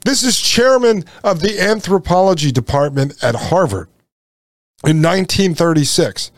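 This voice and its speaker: A man's voice: high voice, lively intonation, moderate pace, no echo. A man hosting a podcast, reading a text aloud and breaking off into sarcastic commentary. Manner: sarcastic, mocks with put-on voices. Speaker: podcast host.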